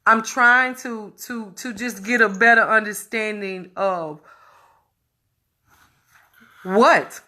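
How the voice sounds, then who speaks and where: A woman speaking a raw personal testimony, repeating herself and breaking between tears, laughter and shouts of frustration. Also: mid-range voice, slow pace, pauses often. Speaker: vlogger sharing her illness story.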